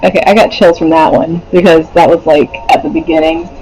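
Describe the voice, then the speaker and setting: A man's voice: on the high side, fairly even intonation, a little fast, dark tone, slight background noise, poor audio. A man doing a casual pick-a-card tarot reading, rambling with many fillers, swearing and laughing often. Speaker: tarot reader.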